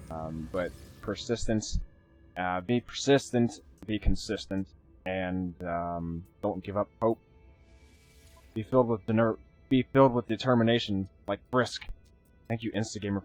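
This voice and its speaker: A man streaming live gameplay, chatty and excitable, thanking viewers and swearing casually as he plays. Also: sits low.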